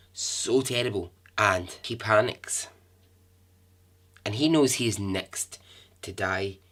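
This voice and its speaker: A man's voice: on the low side, a bit bright, slightly rough. A man hosting a podcast, telling a true-crime story in a chatty way with asides and the odd swear word. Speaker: podcast host.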